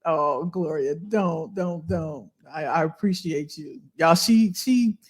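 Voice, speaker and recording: A woman's voice: sits low, takes it slowly, husky. A woman in her fifties, a career coach, talking casually to her livestream viewers and answering their chat messages. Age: 50s. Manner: animated, chatty, reads and answers live chat, addresses viewers as y'all.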